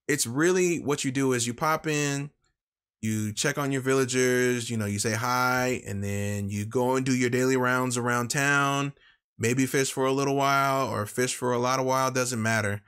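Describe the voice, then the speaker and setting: A man explains things in a relaxed, easygoing manner during a casual podcast chat. His voice sits at an ordinary middle pitch. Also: moderate pace, clean tone. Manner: explaining, relaxed, acts out quoted lines in a higher voice. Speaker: podcast co-host.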